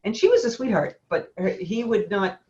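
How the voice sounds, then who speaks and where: A woman who runs a photography studio tells a long, casual story on a webinar, rambling with plenty of fillers and laughs. Her medium-pitched voice is warm and very animated at a moderate pace, while the audio has cut-off highs and a slight hiss or hum.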